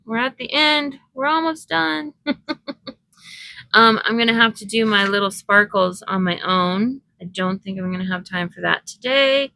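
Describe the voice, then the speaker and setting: A woman's voice: mid-range voice, normal speed, no echo, poor audio. A woman vlogger chatting casually and thinking aloud as she works on a craft project. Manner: chatty, thinking aloud while working, soft laughs.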